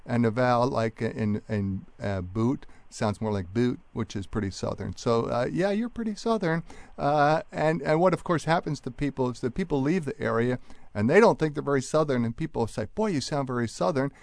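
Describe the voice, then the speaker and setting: A man who is a linguist, a radio guest explaining things in an animated way with quick restarts. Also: medium pitch, gravelly, dry recording.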